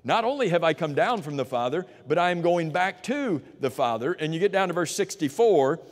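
Guy preaching, kinda higher voice, lots of questions, big echoey hall. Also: expressive, a little fast. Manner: asks rhetorical questions, points listeners to verses; drops to a low, quiet voice for emphasis. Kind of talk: sermon. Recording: long reverb of a large hall.

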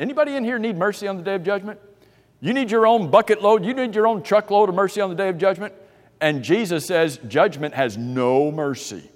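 Preacher man in a reverberant hall. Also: fairly high pitch. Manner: questioning, emphatic, acts out doubters' voices. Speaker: pastor. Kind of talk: sermon.

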